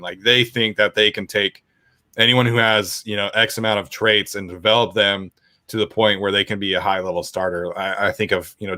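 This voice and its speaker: A man's voice: lowish voice, bright, forceful tone, no room sound, studio quality. A young man hosting a casual sports podcast, reading out viewer questions and rambling with lots of fillers. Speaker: podcast host.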